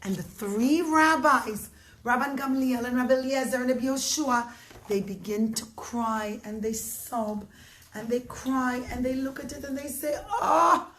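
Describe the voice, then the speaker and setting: A woman narrates a story for children, her high voice full of expressive, dramatic pacing. The room around her gives a noticeable echo, and a faint hiss sits underneath. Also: normal speed. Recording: roomy echo, faint noise.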